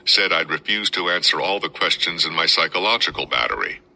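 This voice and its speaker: Male podcast host, memoir reader, very low and sharp-toned. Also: brisk, vocal fry, low-quality recording. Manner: steady first-person storytelling with dramatic quotes. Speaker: podcast host reading a book. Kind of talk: reading a memoir aloud.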